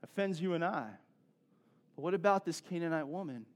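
A man's voice: on the high side, a little fast. A male pastor giving a sermon in a conversational way, with joking asides and questions to the congregation.

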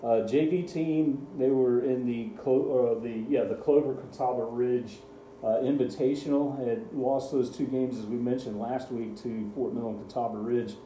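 Sports co-host, male, very dark mellow tone, roomy echo with faint hiss; reads scores, dry asides. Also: mid-range voice. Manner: rattles off scores, dry sarcasm. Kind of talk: casual radio sports chat.

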